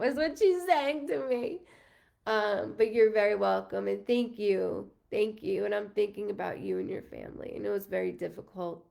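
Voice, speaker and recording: A woman's voice: mid-range voice, normal speed, gravelly, darkish tone. A woman medium doing live readings, chatting casually with viewers, thanking them by name with lots of ums and the odd swear word. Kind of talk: casual livestream chat with viewers.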